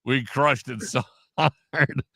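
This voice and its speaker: A man, a sports broadcaster on a podcast, telling stories in an animated way and acting out the quotes. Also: mid-range voice, takes it slowly, vocal fry, no room sound, studio quality. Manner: animated storyteller, acts out quotes, laughs often. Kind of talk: casual storytelling in an interview.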